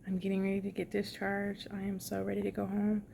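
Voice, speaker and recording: A young woman talks into her phone from a hospital room in an easy, rambling way, full of ums and likes. Her voice is gravelly and stays flat, with a worn-out, slightly grouchy edge. A faint hum sits under the recording. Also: medium pitch, brisk. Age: young adult. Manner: chatty, tired and a bit grouchy, lots of fillers. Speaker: vlogger. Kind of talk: casual hospital update vlog.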